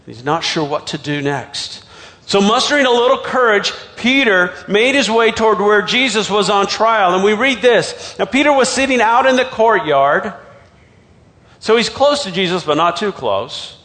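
A male pastor with a fairly high voice delivers a sermon, retelling the story with dramatic swings between loud outbursts and soft, hushed lines. His voice rings out with a long reverb, as in a large church hall. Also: expressive, normal speed.

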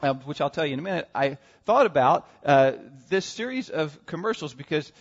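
A man's voice: fairly high pitch, animated, a little fast. An American man preaching a sermon as a pastor, telling humorous stories with frequent asides to his congregation. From United States. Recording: dull, muffled sound with long hall reverb.

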